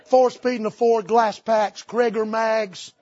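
Folksy preacher, high husky voice. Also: male voice, steady tone, a little slow, darkish tone, highs cut off. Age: 50s. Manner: folksy storytelling with Southern idioms. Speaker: pastor. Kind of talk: sermon. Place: church sanctuary.

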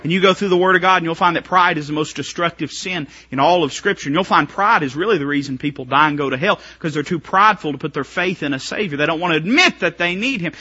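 Impassioned preacher, husky voice. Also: male voice, a little fast. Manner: swings between shouted climaxes and hushed low passages. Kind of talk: sermon. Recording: muffled lo-fi church recording.

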